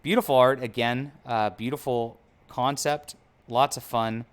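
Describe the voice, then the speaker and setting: A man's voice: medium pitch, fairly even intonation, measured pace, clean tone. A man hosting a casual commentary, chatty and upbeat, with frequent fillers and self-corrections. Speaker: comics commentary host.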